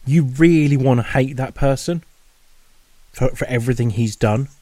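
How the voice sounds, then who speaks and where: A man chatting about films as a co-host, stumbling and restarting his sentences. His pitch is average for a man. The recording is dry and close. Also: normal speed, mellow, no echo. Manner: chatty, with many restarts and filler words. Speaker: podcast co-host. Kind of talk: casual film review chat.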